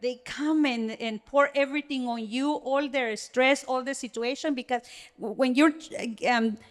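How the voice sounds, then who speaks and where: A woman co-hosting a casual podcast, her voice sitting a bit high. She talks earnestly and with energy, often restarting her sentences as she works out what she means. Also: normal speed. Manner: earnest, animated, many restarts. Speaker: podcast co-host.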